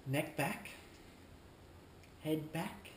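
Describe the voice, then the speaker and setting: A man playing a smug, self-important male shoe store clerk in a comedic vlog monologue, talking in a deliberate, condescending way. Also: fairly high pitch, slight background noise. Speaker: shoe store employee character. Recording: roomy echo, faint ambience.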